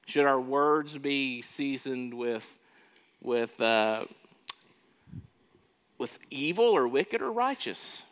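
A man's voice: medium pitch, lively intonation, slow pace, pauses often, a bit bright, clear, resonant tone. A man preaching a sermon, emphatic and questioning his congregation, repeating words as he builds each point. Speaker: pastor.

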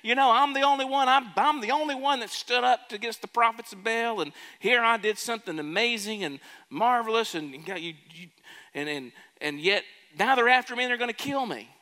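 Sulky prophet guy whining fast and high, man doing the voice, big echoey hall. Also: sharp tone. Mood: self-pitying. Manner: complaining, pouting. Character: whiny self-pitying male prophet, sulking. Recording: long hall reverb.

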